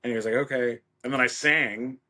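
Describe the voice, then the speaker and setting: Animated storytelling man, middle-aged. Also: medium pitch, brisk. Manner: animated storyteller, acts out quoted voices. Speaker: guest. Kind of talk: casual anecdote.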